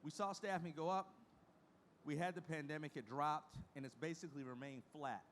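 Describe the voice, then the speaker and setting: A middle-aged man speaking to a conference room, his voice sitting a little higher than most men's. He talks in a folksy, emphatic way and hammers home points through repetition. A faint hum of room noise sits underneath. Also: normal speed, fairly bright tone. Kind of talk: conference presentation.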